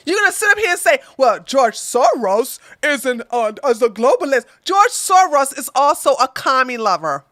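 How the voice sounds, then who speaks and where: Loud, combative high-pitched woman ranting. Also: no echo, studio quality. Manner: combative, profane, swings between loud bursts and mutters. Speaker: political livestream host. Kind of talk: ranting political livestream commentary.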